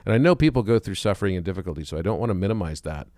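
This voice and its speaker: A man's voice: low voice, lively intonation, rapid-fire, darkish tone, no echo, studio quality. A man speaking as a podcast guest in casual conversation, reflective and fond of telling stories. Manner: reflective, storytelling.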